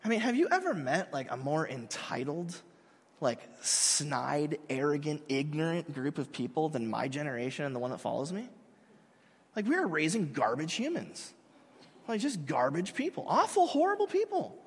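A high, husky male voice preaches to a congregation in his thirties' easy, self-mocking, chatty manner. His pitch swings widely as he talks. A long hall reverb trails every phrase. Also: big pitch swings, normal speed. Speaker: pastor. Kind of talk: sermon.

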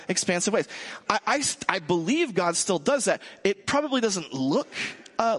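A man preaching a sermon in a relaxed, conversational way, joking with his congregation. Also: high voice, big-room sound. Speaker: pastor.

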